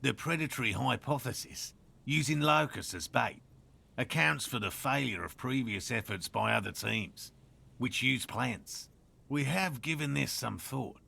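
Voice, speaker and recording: A man's voice: mid-range voice, expressive, unhurried, creaky, bright, forceful tone, husky, heavily acted. An actor playing a pompous, self-assured male cryptozoologist in a video game, with an Australian accent and a lecturing manner.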